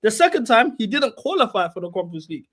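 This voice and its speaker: A young man with a very high voice argues his side of a football debate on a call. He talks fast, pushes his point hard, and keeps repeating himself until he gets heard. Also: very animated, fairly bright tone. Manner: insistent, argumentative, repeats himself. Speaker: football panel guest, Chelsea fan. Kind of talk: heated casual football debate.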